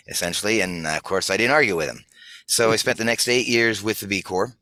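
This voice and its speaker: A male interview guest with a fairly low yet bright, forceful voice. He recounts his past steadily and reflectively, recorded in a dry, close sound. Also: fairly quick, no room sound. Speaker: interview guest, corps director. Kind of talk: casual interview chat.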